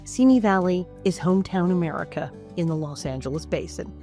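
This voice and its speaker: A woman reading a scripted sponsor ad, her voice low-pitched but lively in its rise and fall. Faint music plays beneath her smooth, promotional delivery. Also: brisk. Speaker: sponsor announcer. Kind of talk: scripted ad read.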